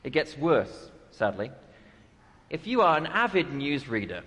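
A man's voice: fairly high pitch, sing-song, measured pace, a bit bright. A male pastor preaching a sermon, telling stories with a dry sense of humor. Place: church sanctuary. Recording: long church reverb.

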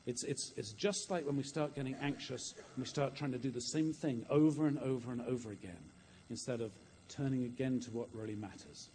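Man, preacher, sermon, earnest storytelling, mid-pitched voice, long church reverb, faint background hum. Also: a little mellow. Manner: earnest, with repeated words and dramatic retellings.

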